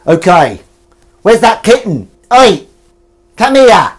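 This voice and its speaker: A man's voice: high voice, very animated, moderate pace, background noise. A man chatting casually while washing up at home, rambling through film trivia and asides to someone in the room. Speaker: vlogger washing up. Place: home kitchen. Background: clinking dishes and cutlery.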